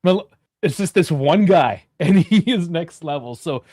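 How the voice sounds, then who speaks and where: A man hosting a casual live-streamed chat show, talkative and quick to laugh. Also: a little high, lively intonation, darkish tone, dry recording. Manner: chatty, laughs often. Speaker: host.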